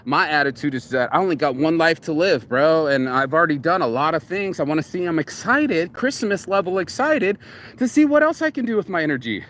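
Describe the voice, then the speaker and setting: A man's voice: on the high side, animated, fairly quick, a bit bright. A man giving a casual, rambling motivational talk outdoors in a yard, swearing freely as he goes. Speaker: vlogger.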